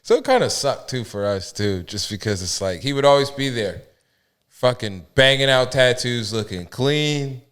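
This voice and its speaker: A man's voice: medium pitch, lively intonation, moderate pace, fairly bright tone, smooth. A tattoo artist, a man, chatting in a laid-back, profane way on a podcast. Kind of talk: casual interview.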